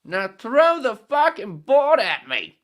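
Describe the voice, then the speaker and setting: A man's voice: huge pitch swings, takes it slowly, heavily acted. A man voicing a rude, bodiless talking head who barks orders in a mock Australian accent that slips toward British. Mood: bossy. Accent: mock Australian slipping toward British. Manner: barking demands, loud and high-pitched.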